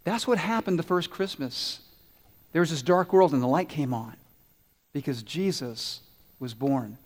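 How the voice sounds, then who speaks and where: A man preaching a lively children's sermon who asks the kids questions and answers them himself. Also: a little high, measured pace. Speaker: pastor. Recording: long reverb in a large hall.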